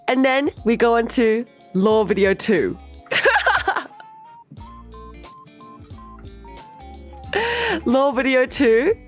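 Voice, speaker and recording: A young woman streamer animatedly retelling a music video's story in casual chat, stringing along with repeated "and then"s. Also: mid-range voice.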